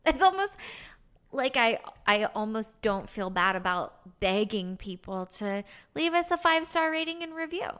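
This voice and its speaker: A woman's voice: on the high side, very animated, moderate pace, a bit bright, clean tone. A woman co-hosting a podcast in casual chat, giggly and chatty as she tells stories. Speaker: podcast co-host.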